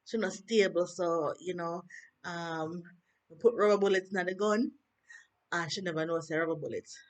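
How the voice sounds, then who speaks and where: A woman voicing a sheepish man who makes halting excuses in a Jamaican patois accent. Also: on the low side, natural voice.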